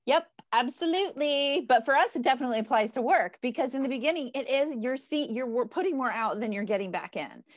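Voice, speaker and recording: A woman's voice: high voice, animated, fast, hardly any pauses, no echo, studio quality. A woman in a casual group chat who reads a book aloud, laughing often and stumbling over words. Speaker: book club member.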